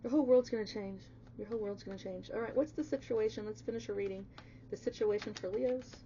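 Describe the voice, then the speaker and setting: A woman's voice: medium pitch, fast talker, warm tone, lo-fi sound, slight background noise. A woman giving a casual spoken tarot reading, emphatic and chatty, swearing bluntly and swinging into emotional outbursts. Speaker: tarot reader.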